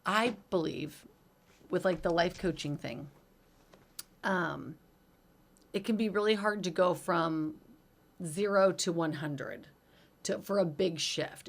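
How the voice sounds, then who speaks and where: A woman co-hosting a casual podcast, telling stories in a lively way, acting out quotes and using lots of "like" and "um". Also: on the low side. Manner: animated storyteller, lively acted-out quotes; many fillers like "like" and "um". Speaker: podcast co-host, hairstylist.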